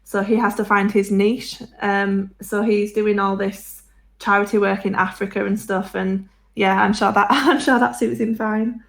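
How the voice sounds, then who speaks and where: A woman with a Yorkshire accent co-hosting a live-streamed podcast, chatting frankly and quickly, laughing often. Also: medium pitch, little pitch movement, gravelly. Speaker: podcast co-host. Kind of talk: casual live-stream chat.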